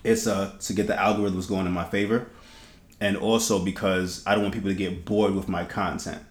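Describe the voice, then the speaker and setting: A man hosting a podcast, telling stories in lively casual chat with slang, swearing and laughter. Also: deep voice, a little fast. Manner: animated storytelling, laughing, heavy slang and swearing. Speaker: podcast host. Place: podcast studio. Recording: echoey room.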